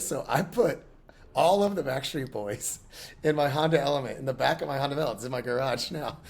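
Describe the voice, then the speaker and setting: A man's voice: mid-range voice, brisk, gravelly. A middle-aged man chatting casually as a podcast guest, telling rambling anecdotes and laughing often. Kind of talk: casual chat.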